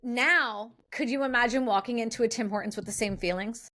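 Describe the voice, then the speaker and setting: Woman host, blunt and opinionated, quick delivery, slightly high voice, casual sit-down interview. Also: sharp tone. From Canada. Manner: blunt, fast-talking and opinionated.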